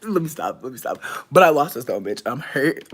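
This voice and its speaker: A young adult livestreamer chatting casually with viewers, telling profane stories with sudden loud, high outbursts and soft, near-whispered asides. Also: very animated, fairly quick, slightly rough. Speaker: livestreamer reading chat.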